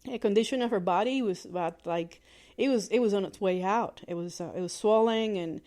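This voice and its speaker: Woman podcaster talking thru a family story, halting, lots of restarts, kinda blunt, mid pitch. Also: mellow. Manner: halting, conversational, frequent restarts and fillers; candid and plainspoken, with mild swearing. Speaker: podcast host. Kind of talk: personal storytelling.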